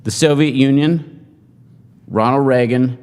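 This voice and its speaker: A middle-aged man giving a humorous after-dinner speech, joking in a deadpan, self-mocking way to an audience in a large hall. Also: mid-range voice, unhurried, clear, resonant tone. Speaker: speaker at a forum. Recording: hall reverb.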